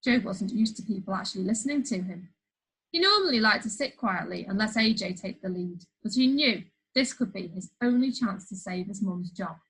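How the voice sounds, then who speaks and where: Lively woman reading a children's story. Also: mid-range voice, normal speed, breathy edge, rough recording. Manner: lively, playful storytelling with asides. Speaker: storybook reader.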